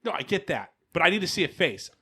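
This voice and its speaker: A man's voice: sits high, very animated, fast talker, bright, forceful tone, breathy edge. A man co-hosting a podcast in casual chat, teasing the others with provocative questions and laughing often. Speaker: podcast co-host.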